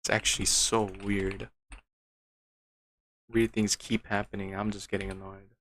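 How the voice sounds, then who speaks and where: A man's voice: fairly low pitch, flat delivery, a little slow, a bit bright, slight background noise. A man streaming a game, muttering to himself with frustrated, disbelieving outbursts. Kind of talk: casual gameplay commentary.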